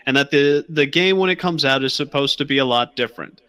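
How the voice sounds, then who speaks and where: A man's voice: mid-range voice, fairly quick, bright, forceful tone. A man in a casual gaming podcast chat, easygoing and questioning.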